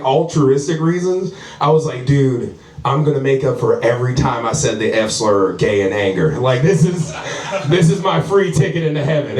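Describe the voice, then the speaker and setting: A man's voice: medium pitch, distant mic. A man performing a stand-up comedy set, rambling and profane, often laughing through his lines. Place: house comedy show, indoors. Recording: roomy live venue, mic from afar.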